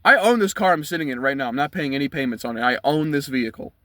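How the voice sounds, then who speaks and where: A man's voice: mid-range voice, lively intonation, fast, a bit bright, no room sound, clean studio sound. A man, ranting bluntly and profanely from inside his car. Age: 20s. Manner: blunt, profane, heated rant. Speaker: vlogger. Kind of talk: ranting commentary.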